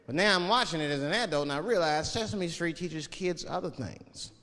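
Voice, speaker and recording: Onstage before a live audience in a club hall full of laughter, a man performs a stand-up set of loose, profane stories with act-outs. His higher voice is expressive, bright, and forceful, moving fairly quickly with hardly any pauses.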